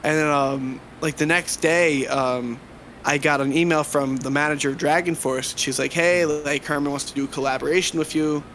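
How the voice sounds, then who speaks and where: Man, slightly high voice, animated casual storyteller, light hiss behind. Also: normal speed. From New Jersey. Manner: animated, swears freely, laughs often. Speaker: guest guitarist.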